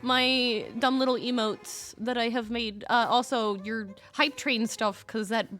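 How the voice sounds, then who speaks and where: A woman's voice: fairly high pitch, steady tone, measured pace, a bit bright. A young woman chatting casually on a live stream, gushing and a little scattered as she talks to her viewers. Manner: bubbly, gushing and a bit scattered.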